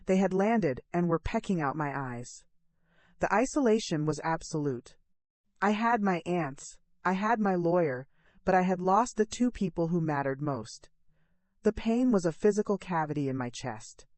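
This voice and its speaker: Middle-aged woman storyteller, earnest first-person drama, low and dry. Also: animated, normal speed, a little mellow, no echo.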